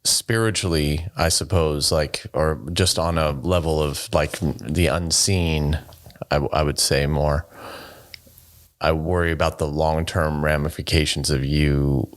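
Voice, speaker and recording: A man's voice: a bass voice, steady tone, measured pace, dry recording, studio quality. A man co-hosting a podcast in casual chat, listening and reflecting thoughtfully. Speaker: podcast co-host.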